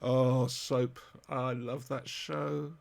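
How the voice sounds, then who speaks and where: A man's voice: mid-range voice, flat delivery, drawn-out words, vocal fry, darkish tone. A man chatting on a podcast, rambling and correcting himself as he enthuses about old TV comedy. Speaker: podcast co-host. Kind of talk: casual chat reviewing TV comedy.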